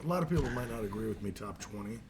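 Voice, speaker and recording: A man's voice: on the low side, expressive, racing, noisy background. A man in casual podcast banter, laughing often and quoting movie lines. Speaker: podcast co-host. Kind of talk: casual chat.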